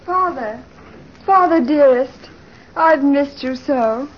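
A sweet young bride, really high voice, slow and coaxing, old radio play. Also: female voice, lively intonation, highs cut off, slight background noise. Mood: doting. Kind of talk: old-time radio drama.

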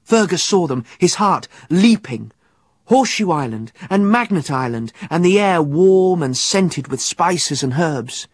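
A man narrating an adventure audiobook in an expressive, vivid storytelling manner. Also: a little high, breathy edge, no room sound, clean studio sound.

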